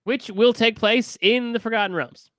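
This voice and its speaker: A man's voice: very high-pitched, fairly even intonation, normal speed, a bit bright, dry recording. A man hosting a casual chat over a video call, blunt and teasing. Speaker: podcast host.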